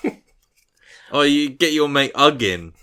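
A man's voice: fairly high pitch, animated, unhurried, pushed and bright, clear, resonant tone. A man hosting a casual podcast, playful and steering the conversation. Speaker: podcast host. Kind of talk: casual chat.

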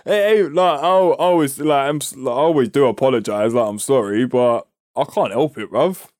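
A man's voice: mid-range voice, normal speed, a little mellow, no room sound, clean studio sound. A man with a London accent co-hosting a podcast, telling stories in slangy casual chat and laughing between lines. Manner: laughing, slangy, stumbles on words. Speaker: podcast co-host.

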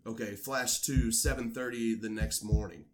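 A man's voice: lowish voice, normal speed. A man co-hosting a casual podcast, telling a drinking story with lots of swearing and acted-out voices. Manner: animated, swearing, acts out quoted voices.

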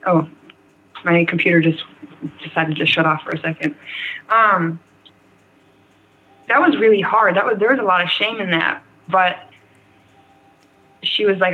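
A woman's voice: lowish voice, a little slow, long pauses, slight background noise. A young adult woman telling her own story as an interview guest, frank and rambling, with lots of "like" and "um". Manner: rambling, frank, heavy use of "like" and "um". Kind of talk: candid personal story in an interview. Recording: tinny phone-like line.

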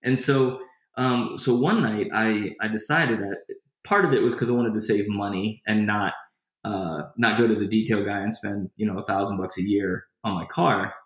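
A man's voice: fairly low pitch, normal speed. A man telling a personal story in a casual interview, rambling and restarting his sentences as he goes. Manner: lively retelling of a personal story. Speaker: guest. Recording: echoey room.

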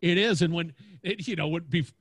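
An energetic man with a big booming voice, chatting casually in a podcast interview and laughing often. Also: brisk, slightly rough, dry recording. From Louisiana, United States. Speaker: podcast host and guest. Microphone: podcast mic.

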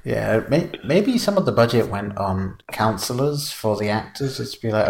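A man's voice: on the low side, expressive, normal speed, creaky, hardly any pauses, background noise. A man co-hosting a podcast, chatting casually and jokily about a film, laughing often. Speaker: podcast co-host. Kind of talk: casual film review chat.

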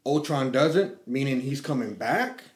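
A middle-aged man telling a story in casual chat, swearing freely and acting out quotes with lively energy. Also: mid-range voice, measured pace. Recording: echoey room.

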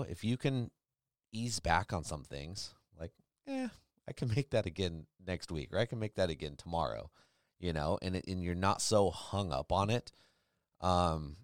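Lower-voiced man telling rambling stories. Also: clean tone, no room sound, studio quality. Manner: rambling, animated storyteller who acts out quotes. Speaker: podcast host. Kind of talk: casual chat.

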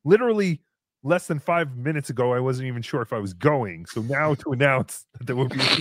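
A man hosting a casual live show, excitably chatting and reading out viewer messages. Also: medium pitch, brisk, no room sound, clean studio sound. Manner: excitable, reads out paid messages. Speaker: show host.

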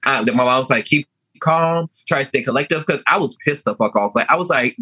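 A young man telling a story in an animated, sassy way, chatting casually. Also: on the high side, moderate pace, dry recording, poor audio. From New Orleans. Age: young adult.

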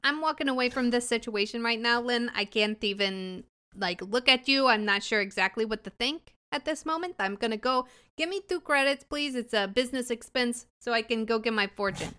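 A woman's voice: fairly high pitch, a little fast, bright, forceful tone, clear, resonant tone. A woman playing a tabletop role-playing game who talks playfully and narrates what her character does. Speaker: player.

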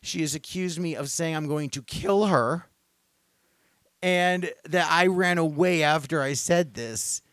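A young man hosting a casual podcast, telling a long story with lots of restarts and growing louder as he relives it. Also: fairly high pitch, a little slow, no echo, clean studio sound. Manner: rambling storyteller, restarts often, gets loud when retelling. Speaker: podcast host.

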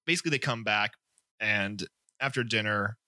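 A young man co-hosting a casual book-discussion chat, retelling scenes with profanity and quick acted-out quotes. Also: fairly low pitch, bright, forceful tone, no room sound, clean studio sound. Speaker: podcast co-host.

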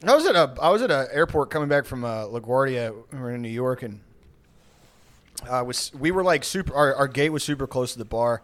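A man chatting casually on a comedy podcast, telling a rambling story with laughs and quick put-on voices. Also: mid-range voice, animated, fairly bright tone.

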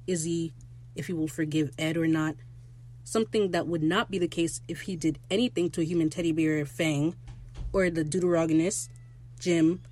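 A woman hosting a podcast, recapping a TV episode in casual, animated chat with swearing and bursts of laughter. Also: fairly low pitch. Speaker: podcast host.

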